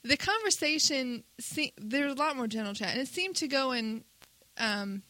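A woman's voice: high voice, expressive, normal speed, pushed and bright, no room sound, poor audio. A woman co-hosting a casual chat, telling a story in a wry, chatty way. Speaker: podcast co-host.

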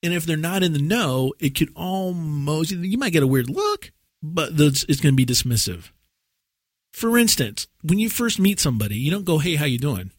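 A man co-hosting a casual podcast, chatting and joking in a drawn-out storytelling way. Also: fairly high pitch, sing-song, no echo, clean studio sound. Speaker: podcast co-host. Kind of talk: casual chat.

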